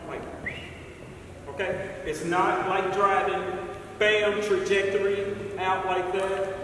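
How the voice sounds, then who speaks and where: A man coaching young golfers, explaining chip shots in an encouraging, repetitive way. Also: high-pitched. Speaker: golf coach. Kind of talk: outdoor instruction to youth. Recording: echoey, distant, noisy field recording.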